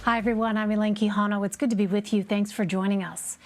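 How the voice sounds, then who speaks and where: A woman news anchor reading the news and introducing a guest in a clear, measured broadcast delivery. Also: mid-range voice, little pitch movement, soft background music.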